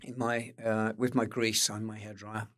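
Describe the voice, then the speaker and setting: A man's voice: fairly low pitch, normal speed, noisy background. Older Essex man telling rock stories. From England. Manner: animated anecdotes with acted-out quotes, occasional swearing. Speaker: interview guest. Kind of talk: casual storytelling interview.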